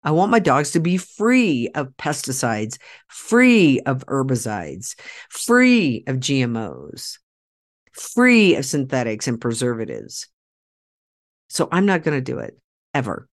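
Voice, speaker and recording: A woman's voice: a bass voice, sing-song, slow. Emphatic woman hosting a podcast monologue. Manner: emphatic, repeats key phrases for force; direct address to listeners, rallying tone. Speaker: podcast host.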